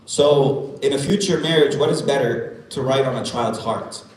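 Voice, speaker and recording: A man's voice: mid-range voice, moderate pace, darkish tone. A man giving an earnest church parenting talk, repeating and restarting his phrases as he coaches parents. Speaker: parenting class speaker. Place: church hall. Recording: echoey room from far off, faint hum.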